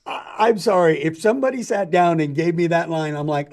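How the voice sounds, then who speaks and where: A man co-hosting a podcast, teasing and quick to laugh in casual chat. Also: on the high side, animated. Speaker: podcast co-host.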